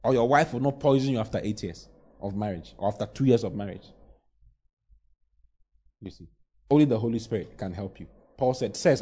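A man's voice: mid-range voice, lively intonation, normal speed, a little mellow, husky. A man preaching a sermon, pushing key lines with emphatic, rising exclamations and playful mock voices. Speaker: pastor.

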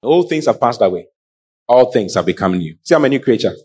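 A middle-aged man preaching a sermon, calling out to the congregation in an animated way. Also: medium pitch, fairly quick, breathy edge. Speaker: pastor.

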